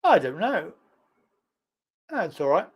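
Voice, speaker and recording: A man hosts a casual livestream, teasing his callers in easy banter. His voice is high and swoops animatedly. He talks slowly, with faint music playing behind him. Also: big pitch swings, slightly rough. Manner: teasing, laid-back banter. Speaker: livestream host. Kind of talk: casual chat.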